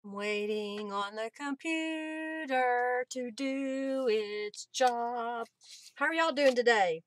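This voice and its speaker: A woman's voice: fairly high pitch, slow. A woman hosting a casual crafting livestream, chatting, laughing often and greeting viewers by name. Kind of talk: casual live-stream chat while crafting.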